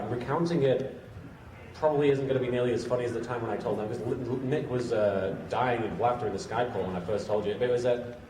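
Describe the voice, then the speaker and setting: A man's voice: medium pitch, warm tone. Man telling a rambling story. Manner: rambling, self-interrupting anecdote teller. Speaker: panel guest. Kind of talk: convention panel storytelling. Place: convention panel room. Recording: roomy, far from the mic, crowd noise.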